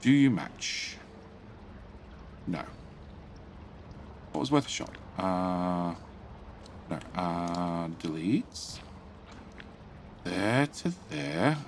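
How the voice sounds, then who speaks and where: A man's voice: low voice, lively intonation, drawn-out words, pauses often, slight background noise. A man streaming a building game live, muttering through his build and chatting with viewers. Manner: reads out and greets chat. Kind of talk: live gameplay commentary.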